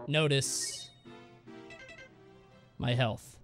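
A man's voice: mid-range voice, fairly even intonation, extremely slow, over music. A man streaming a game live, talking in a playful, sweary, jokey way. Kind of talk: live gameplay commentary.

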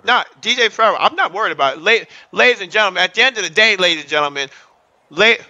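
A man in his thirties chatting excitably on his livestream, hyping up the chat and repeating himself as he talks. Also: high-pitched, quick pace, muffled recording. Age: 30s. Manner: excitable, repetitive, hypes up the chat. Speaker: livestream host.

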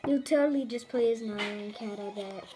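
A performer voicing an excitable little turtle creature in silly game commentary, with squeaky shrieks and giddy, easily startled reactions. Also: normal speed, natural voice, poor audio. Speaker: channel host. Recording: game music loud behind voice.

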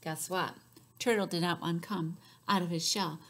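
A woman librarian leading a children's story time, reading aloud with sing-song rhymes, loud cheers and whispered asides. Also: on the low side, steady tone, moderate pace.

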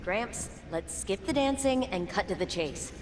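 An actress playing a sardonic woman engineer who talks in a dry, brisk, sarcastic way in a video game. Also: mid-range voice, expressive, background noise, lightly acted. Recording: game dialogue over music.

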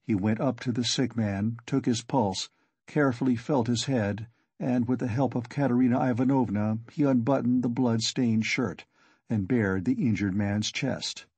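A man narrating a classic novel as an audiobook, reading at a steady, measured pace. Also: mid-range voice, husky, no echo.

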